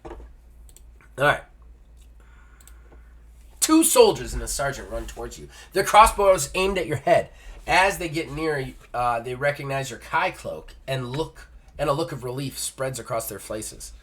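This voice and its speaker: Bright-voiced man reading a gamebook aloud. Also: mid-range voice, expressive, unhurried. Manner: reads text then jokes in casual asides. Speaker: host. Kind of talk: solo gamebook play-through, reading aloud.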